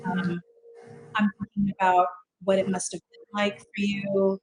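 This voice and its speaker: A woman's voice: mid-range voice, flat delivery, moderate pace, darkish tone, a little hiss or hum, low-quality recording. A woman hosting a casual interview over a video call, chatty and upbeat, talking her plans aloud and repeating herself as she goes. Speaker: host.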